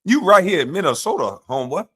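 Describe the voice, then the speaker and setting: Guy ranting on his stream, pretty high voice that jumps all over, mocking and arguing with a clip. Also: very animated, quick pace, sharp tone, slightly rough. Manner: combative, mocking, talks back to clips. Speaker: livestream commentator. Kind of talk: heated political commentary livestream.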